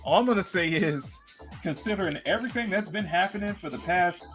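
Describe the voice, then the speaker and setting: A woman's voice: fairly low pitch, fairly quick, faint music behind. A woman hosting a casual livestream chat while drawing, emphatic and playful, dropping the odd swear. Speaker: host, drawing on stream.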